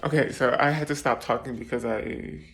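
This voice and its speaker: A man's voice: medium pitch, steady tone, brisk, very noisy. A man from New Jersey vlogging in a casual, self-mocking storytelling style, laughing often and putting on voices for other people. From New Jersey, USA. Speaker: travel vlogger.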